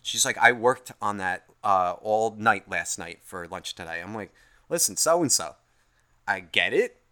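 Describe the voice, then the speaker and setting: Exasperated male storyteller, profane and animated, bright edgy tone with wide pitch swings. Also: a little slow. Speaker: podcast host telling a work story. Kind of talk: casual storytelling rant.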